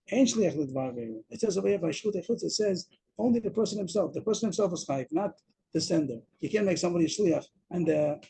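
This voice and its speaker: A man whose voice is a little high, warm and gravelly teaches a daf yomi Talmud lesson via video call. He goes step by step, repeating himself and weaving in Aramaic terms. Poor audio carries a little hiss or hum.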